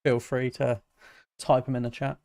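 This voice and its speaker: British man, casual stream chat, relaxed, self-mocking, close dry mic. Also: mid-range voice, moderate pace, gravelly, dry recording. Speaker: music producer hosting a livestream.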